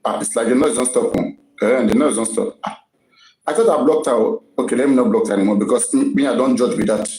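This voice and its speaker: A man's voice: mid-range voice, quick pace, a little mellow, roomy sound, rough recording. A man with a Nigerian accent hosting a casual live-stream gossip talk, emphatic and often repeating his words.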